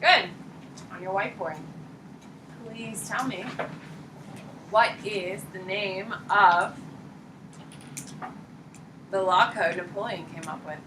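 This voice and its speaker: A woman teaching a high school history class, quizzing students by name in a blunt, casual way. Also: slow, long pauses. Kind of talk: classroom lecture and questioning. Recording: echoey classroom, distant mic, light noise.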